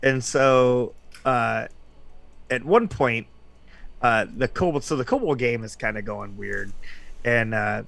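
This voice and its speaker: A man's voice: medium pitch, slow, creaky, fairly bright tone. Man swearing through a rambling story. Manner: profane, rambling, laughs often. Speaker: tabletop game player. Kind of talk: casual storytelling.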